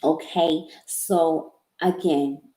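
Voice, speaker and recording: Woman doing a live tarot reading, kinda low mellow voice, stammers and repeats herself, emotional and sorry, roomy echo. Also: steady tone. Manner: halting, stammering and repeating words; apologetic and emotional. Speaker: tarot reader. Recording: echoey room.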